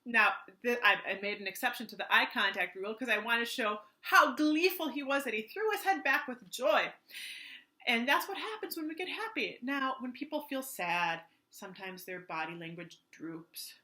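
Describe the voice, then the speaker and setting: Woman teaching artist, kids' art lesson, enthusiastic, gentle, bright animated voice. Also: on the high side, normal speed.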